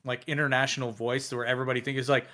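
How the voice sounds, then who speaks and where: Male podcast guest, mid-pitched, playful jokey delivery. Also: little pitch movement, fast talker, bright, forceful tone. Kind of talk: casual podcast chat, joking.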